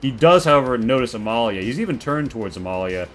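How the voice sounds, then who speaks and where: A man's voice: mid-range voice, animated, quick pace, fairly bright tone, soft background music. A man narrating as game master for a tabletop role-play, in a loose, rambling way with many fillers.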